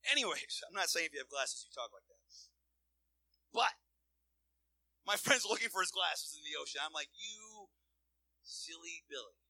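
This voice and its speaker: A man preaching a sermon and telling a personal testimony, swinging between loud emphatic lines and quiet asides, with frequent restarts and repeated words. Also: a little high, lively intonation, normal speed, gravelly, long pauses, no room sound, rough recording.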